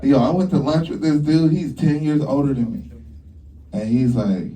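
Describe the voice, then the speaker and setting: Brash profane young stand-up comic. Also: male voice, fairly quick, dark tone, far from the mic. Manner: brash and profane, acting out dialogue with big pitch jumps. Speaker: stand-up comedian. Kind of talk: stand-up routine. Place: comedy club stage.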